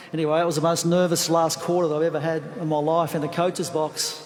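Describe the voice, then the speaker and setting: Australian man, sixties, slightly high voice, anecdotal memorial speech, halting fillers, long hall reverb. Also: flat delivery. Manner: warm storytelling with hesitant fillers and restarts. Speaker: football coach giving a eulogy. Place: large funeral venue.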